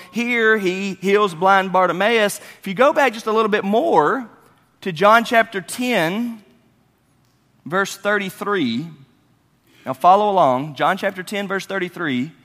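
Male pastor, animated sermon, bright tone, long reverb of a sanctuary. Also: sits high. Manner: animated preaching, swings from loud to quiet.

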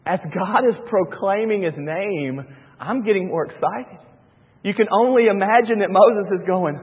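A man preaches from the pulpit in a high, husky voice, dropping low and hushed before building to loud, excited runs. His sermon carries a long church reverb and a dull, muffled sound. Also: unhurried. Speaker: pastor. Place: church sanctuary.

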